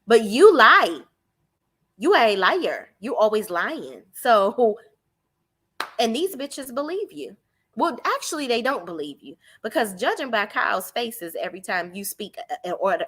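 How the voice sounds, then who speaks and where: A woman's voice: medium pitch, a bit bright. A woman recapping a reality TV show live, blunt, profane and mocking the cast.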